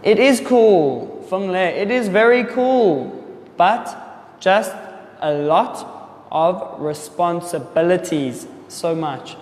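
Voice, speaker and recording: A young man, an English teacher, answering viewer comments in deliberately slow, simple speech for learners. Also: high voice, expressive. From South Africa. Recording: echoey room with long reverb.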